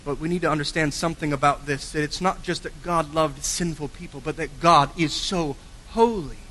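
A man preaching a sermon with earnest emphasis, swinging from forceful lines to quiet, low endings. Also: normal speed, slight background noise. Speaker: pastor. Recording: long hall reverb.

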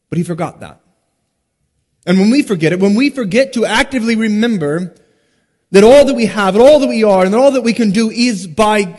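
A man with a high-pitched voice preaches a sermon in a large sanctuary, and his words ring out with a long hall reverb. He swings between loud, emphatic stresses and hushed, slowed drops, often pausing on rhetorical questions. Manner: rhetorical questions and dramatic pauses. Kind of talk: expository sermon.

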